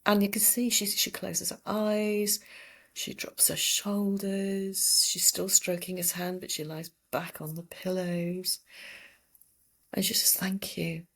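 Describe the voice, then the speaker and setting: A woman in her sixties recounts stories from her years as a palliative care doctor, speaking gently and reflectively. Her voice sits a little low, with a gravelly, creaky texture. She talks in the easy, measured way of a podcast guest. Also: flat delivery. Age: 60s. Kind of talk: storytelling in a podcast interview.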